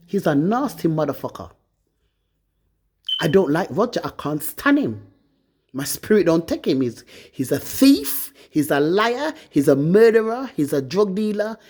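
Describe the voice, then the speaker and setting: A woman delivers a bitter, profane rant straight into her phone camera. Her voice sits low and husky, but it swings wildly up and down as she accuses and complains. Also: sing-song, moderate pace, mellow. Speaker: vlogger. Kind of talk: angry personal rant to camera.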